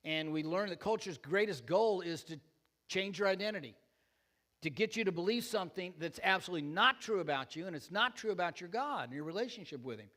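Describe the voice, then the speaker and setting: A man's voice: sits high, lively intonation, a little fast, sharp tone, long reverb tail. An older man preaching a sermon as pastor, telling stories with self-deprecating jokes and asides to the congregation. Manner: joking, self-deprecating storyteller. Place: church.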